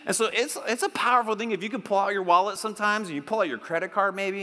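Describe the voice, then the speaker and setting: A male pastor preaches with a high, bright voice, animated and playful as he leads the congregation in call-and-response. His voice rings in the long reverb of a church hall. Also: quick pace, few pauses. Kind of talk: sermon.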